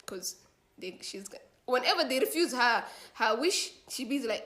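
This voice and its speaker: Slangy, animated woman telling a story. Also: fairly high pitch, normal speed. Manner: slangy, animated retelling with quoted dialogue. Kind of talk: casual spoken storytelling.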